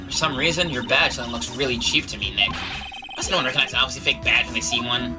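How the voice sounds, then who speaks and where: A woman voicing a wry young male lawyer, speaking in a deadpan, sarcastic way. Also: rumbling low, fast. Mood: dry. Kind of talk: fan voice-over of a game. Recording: game music behind.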